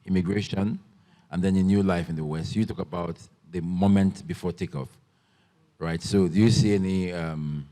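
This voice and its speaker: Man from Nigeria, lowish voice, halting moderator questions, long hall reverb. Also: fairly even intonation, dark tone. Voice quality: halting, full of fillers and restarts. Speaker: panel moderator. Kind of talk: panel interview. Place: festival stage.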